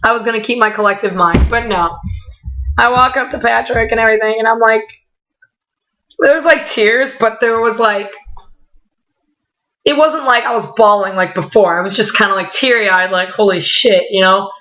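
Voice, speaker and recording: A young woman with a bright, tense voice tells a story casually, rambling and excited, with a lot of "like" and swearing. The recording is dull and lo-fi. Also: on the high side, normal speed. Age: young adult. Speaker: vlogger.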